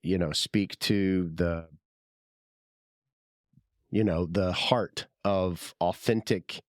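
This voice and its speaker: A man's voice: low voice, steady tone, takes it slowly, no echo, studio quality. A man hosting his own podcast, talking in a rambling, chatty, self-deprecating way while his throat is sore from the flu. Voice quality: husky from illness. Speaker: podcast host. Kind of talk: casual solo podcast monologue.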